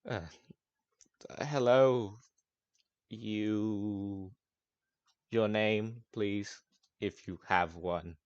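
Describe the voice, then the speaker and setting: A man's voice: lowish voice, steady tone, drawn-out words, pauses often, darkish tone, no echo, lo-fi sound. A man voicing a sarcastic, rude elf man who swears often, in a tabletop game.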